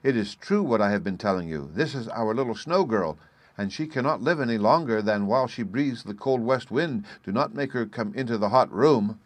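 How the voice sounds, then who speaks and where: A man's voice: mid-range voice, animated, normal speed, no echo, close to an everyday voice. A man voicing an earnest, pleading little girl in a storybook reading.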